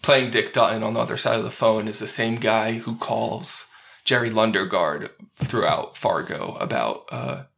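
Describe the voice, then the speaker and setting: A man's voice: lowish voice, moderate pace, vocal fry, a bit bright. A man co-hosting a film podcast, talking casually and laughing often as he retells scenes and acts out the characters' lines. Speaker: podcast co-host.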